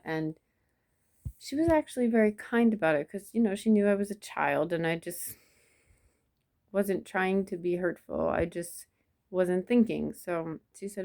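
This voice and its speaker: A woman telling a personal memory in a soft, reflective way, with many pauses and restarts. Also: lowish voice, gravelly. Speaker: vlogger. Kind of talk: personal storytelling to camera.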